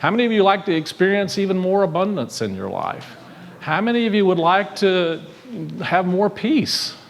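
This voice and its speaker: A man's voice: high voice, animated, moderate pace, a little hiss or hum. Man preaching a conversational sermon. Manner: conversational, asks the congregation questions. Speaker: minister. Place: church sanctuary.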